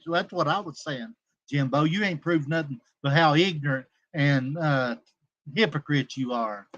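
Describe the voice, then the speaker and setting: A man's voice: on the high side, moderate pace, sharp tone, highs cut off. A man hosting a casual livestream, rambling and combative with coarse language, calling out chat viewers by name. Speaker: livestream host.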